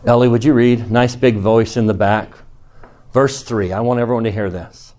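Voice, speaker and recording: A man teaching a scripture class, emphatic and animated, calling on students by name in a classroom. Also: medium pitch, normal speed. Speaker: religion teacher.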